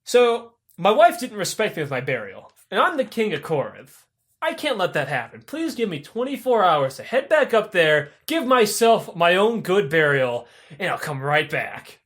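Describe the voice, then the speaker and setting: A sly, scheming mortal king who wheedles and pleads with great earnestness, voiced by a man telling the story. His voice sits high and eager. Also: very animated, normal speed, fairly bright tone. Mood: pleading. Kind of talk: comedic retelling of a myth.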